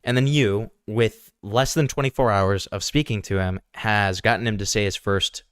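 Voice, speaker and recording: A man's voice: fairly low pitch, steady tone, moderate pace, a bit bright, clear, resonant tone, no room sound, studio quality. A young man hosting online commentary, sarcastic and pointed, asking rhetorical questions. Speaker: commentary channel host.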